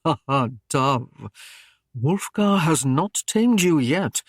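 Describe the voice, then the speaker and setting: A man playing a smooth flattering knight. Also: fairly high pitch, a little slow, dry recording, clean studio sound. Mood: coaxing. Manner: coaxing, flattering. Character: smooth-talking knight wooing a woman.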